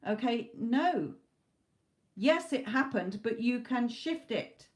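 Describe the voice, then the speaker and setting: A woman's voice: a little high, lively intonation, slow pace. A woman doing a live tarot reading, talking in a loose, conversational way with frequent restarts. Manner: talks in loose spoken chunks, restarts often. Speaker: tarot reader.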